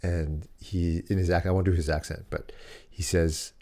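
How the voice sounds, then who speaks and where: Male podcast co-host, very low voice, casual, meandering storyteller. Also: little pitch movement, moderate pace, dark tone. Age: adult dad. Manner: rambling, many restarts and "like" fillers.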